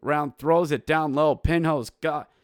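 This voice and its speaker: A man hosting a casual hockey recap, calling the plays and breaking into shouted goal calls, with jokey, self-mocking asides. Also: fairly high pitch, steady tone, a little slow, clean tone, dry recording, studio quality. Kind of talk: casual game recap with play-by-play.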